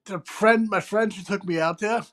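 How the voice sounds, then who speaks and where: A middle-aged man from the New York area talks in a notably high voice for a man. He chats eagerly and keeps pulling the listener in with "right?" after nearly every point. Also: moderate pace, a bit bright. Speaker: co-host. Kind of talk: casual chat.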